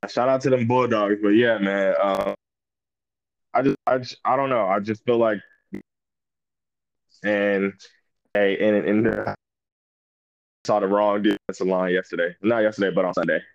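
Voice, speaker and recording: A man's voice: fairly low pitch, normal speed, creaky, long pauses, no room sound. A man talking football as a guest in a casual chat, emphatic and full of restarts. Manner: animated, emphatic, restarts a lot. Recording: dull lo-fi audio.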